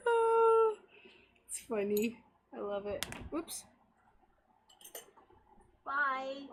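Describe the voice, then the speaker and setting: A woman's voice: high voice, big pitch swings, very slow, pauses often, slight background noise. A woman chatting casually and giggling as she works on stained glass during a live stream, reading out messages from her viewers. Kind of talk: casual live-stream chat while crafting.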